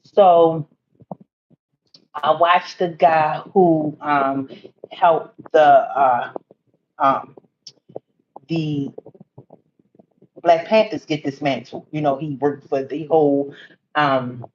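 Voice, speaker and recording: A woman's voice: sits low, fairly even intonation, very slow, pauses often, a little hiss or hum. Woman rambling on her phone live, talkin right to viewers, kinda dull audio. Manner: rambling, talks to viewers directly. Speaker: livestream host. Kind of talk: casual livestream chat.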